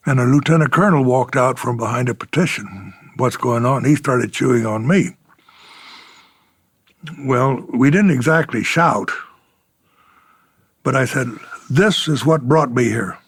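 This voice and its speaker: Gravelly older man spinning war stories. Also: mid-range voice, unhurried, long pauses, a bit bright, no room sound. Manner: chuckling storyteller, acts out quoted exchanges. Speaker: retired fighter pilot telling war stories. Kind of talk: oral history interview.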